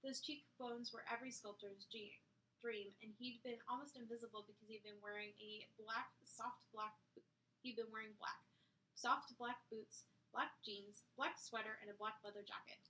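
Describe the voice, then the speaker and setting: A woman reads a novel aloud, expressive and lively, in a bright, clear voice that sits a little high. She sometimes trips over a phrase and starts it again. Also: moderate pace, slight background noise, rough recording. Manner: expressive reading with a few slips and restarts. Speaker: book reader and co-host. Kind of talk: reading a novel aloud with casual discussion.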